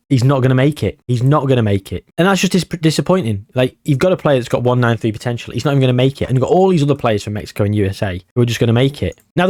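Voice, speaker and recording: A man's voice: medium pitch, a little mellow, no room sound, clean studio sound. A man hosting his own channel, giving chatty, jokey video game commentary with rambling asides. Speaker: YouTuber, host.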